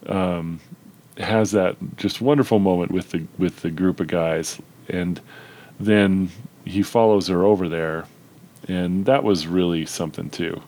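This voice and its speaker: A man with a low voice co-hosts a podcast and chats casually about a film. He is easygoing and agrees often with short fillers. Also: fairly even intonation, unhurried, dark tone. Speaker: podcast co-host.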